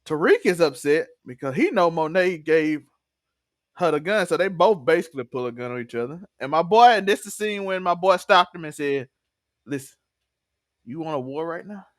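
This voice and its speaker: A man's voice: fairly high pitch, brisk, no room sound, clean studio sound. A man co-hosting a podcast, chatting casually about a TV episode, laughing often and acting out characters' lines. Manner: animated, laughs often, acts out quotes. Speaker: podcast co-host. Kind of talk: casual TV recap chat.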